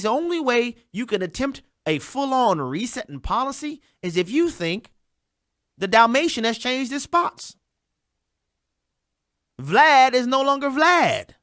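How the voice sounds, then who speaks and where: Animated sarcastic commentary host. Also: mid-range voice, no echo, clean studio sound. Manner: sarcastic, mocking, talks straight to listeners. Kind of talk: animated political commentary monologue.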